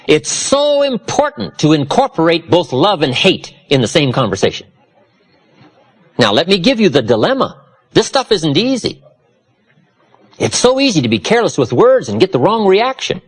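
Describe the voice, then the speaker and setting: Male motivational speaker, husky, very animated pitch, preacherly emphasis. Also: moderate pace. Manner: preacherly, dramatic swings from low confiding to loud emphatic. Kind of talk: motivational seminar talk.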